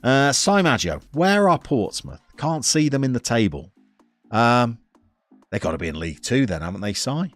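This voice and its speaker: A man from the English Midlands with a soft Birmingham accent, chatting casually and wryly to his chat while playing a football management game. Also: mid-range voice, sing-song, normal speed, no room sound, soft background music. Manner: wry, self-mocking chatter to chat. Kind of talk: casual live-stream commentary.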